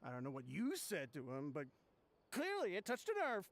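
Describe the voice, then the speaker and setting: A stern, gravelly young warner. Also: male voice, sits high, huge pitch swings, brisk, fairly bright tone, exaggerated voice. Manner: curt, warning.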